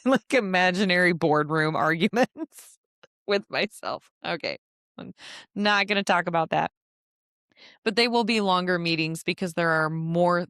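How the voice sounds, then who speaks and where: Low-voiced chatty woman podcaster. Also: creaky, no room sound, clean studio sound. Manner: chatty, laughs often, asides to herself. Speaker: podcast host and travel advisor. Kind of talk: casual solo podcast advice.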